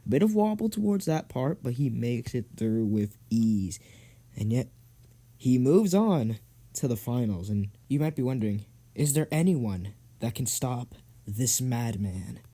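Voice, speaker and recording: A young man narrates toy car races as a channel host, cracking jokes in casual slang. His tone is warm and mellow, but his pitch swings widely, especially when he puts on his hyped announcer voice. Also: animated, a little slow. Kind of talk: playful race commentary over toy car videos.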